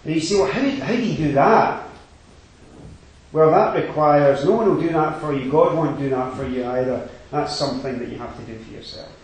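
A man preaching a sermon, swinging between quiet reflection and loud emphatic exhortation. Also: fairly high pitch, brisk, few pauses. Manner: rising to emphatic exhortation, then dropping quiet. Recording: very echoey hall.

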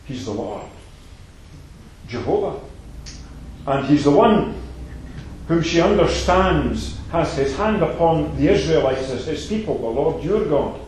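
A man preaching a sermon, emphatic and repetitive, swinging between loud declarations and soft asides. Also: a little high, animated, unhurried, slight background noise. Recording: very echoey hall.

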